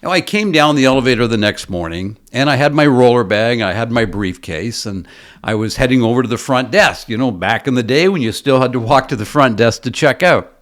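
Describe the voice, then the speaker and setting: A man's voice: mid-range voice, lively intonation, fairly quick, fairly bright tone. A man working as a business coach, giving a motivational talk built around a story and asking his listeners rhetorical questions.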